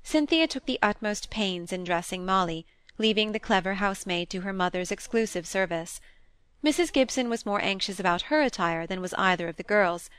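A woman's voice: medium pitch, expressive, a little fast, fairly bright tone, smooth, no echo. Woman narrating a classic novel, dry. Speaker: audiobook narrator.

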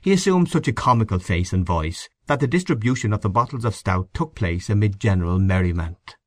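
A male audiobook narrator with a fairly low voice and lively, expressive intonation. He reads literary fiction at a measured pace, and the recording is dry and close. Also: no room sound.

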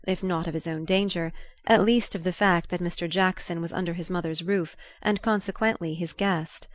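A woman reading a novel aloud as an audiobook narrator, in a measured, even manner. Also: on the low side, dry recording.

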